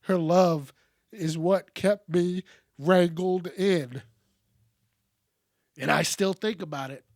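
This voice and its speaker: A man hosting a podcast, speaking in a candid, reflective monologue that is full of cursing, with frequent pauses and soft trailing-off. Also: sits high, steady tone, no echo, clean studio sound. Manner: candid, profane, pauses often and trails off softly. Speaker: podcast host.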